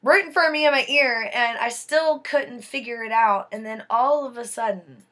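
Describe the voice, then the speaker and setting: A woman's voice: on the high side, moderate pace, fairly bright tone. A young woman telling a personal story to her viewers in an earnest, emphatic way. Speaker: vlogger.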